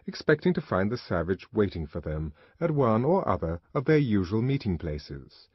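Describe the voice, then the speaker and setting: A man reading an audiobook with an expressive, dramatic delivery. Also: fairly low pitch, husky, dry recording. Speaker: audiobook narrator. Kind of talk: audiobook narration. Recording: dull, dry lo-fi recording.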